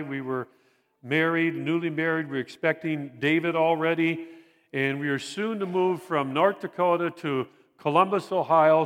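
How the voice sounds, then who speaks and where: A man's voice: a little high, fairly bright tone. Earnest older man preaching in a reverberant hall. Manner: earnest, halting, repeats phrases for emphasis. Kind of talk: sermon. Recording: long reverb of a large hall.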